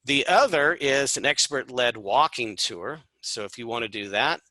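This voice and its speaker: A man's voice: mid-range voice, animated, normal speed, pushed and bright, no echo, rough recording. A man giving an informal, upbeat travel presentation, chatty, with fillers and jokey asides. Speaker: tour presenter.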